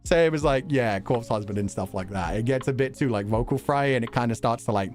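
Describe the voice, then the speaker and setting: A young man chatting casually on a stream, talking fast and laughing often. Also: mid-range voice, soft background music. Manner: animated, quick talker who laughs often. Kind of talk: casual chat.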